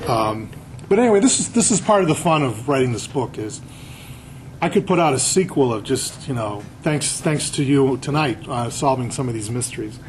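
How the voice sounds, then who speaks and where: A man's voice: mid-range voice, background noise. Chatty man giving a slide talk. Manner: chatty storyteller, quizzing the audience. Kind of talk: casual public slide lecture.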